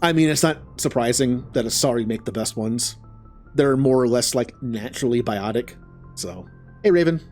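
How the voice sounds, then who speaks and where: A man's voice: mid-range voice, normal speed, a little mellow, soft background music. A man casually chatting while streaming a video game, rambling and laughing often. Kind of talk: casual chat over gameplay.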